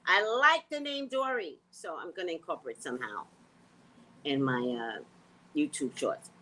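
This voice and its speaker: A woman's voice: low voice, normal speed. A woman psychic hosting her own vlog, rambling bluntly and casually. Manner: animated, blunt, sings and repeats phrases.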